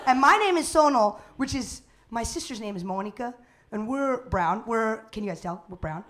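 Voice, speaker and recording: A woman hosting a live stand-up comedy show, loud and playful, working the crowd. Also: on the high side, animated, normal speed.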